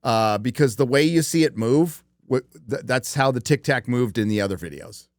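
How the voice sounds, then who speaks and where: A man's voice: medium pitch, normal speed, no room sound, clean studio sound. A man hosting a livestream show, talking casually in a rambling, profane way with many fillers. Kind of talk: casual chat.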